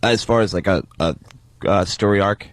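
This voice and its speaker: A young man telling a story as a guest in a casual radio interview, halting and often laughing, on a studio mic in a radio studio. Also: low-pitched, no echo. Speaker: actor guest.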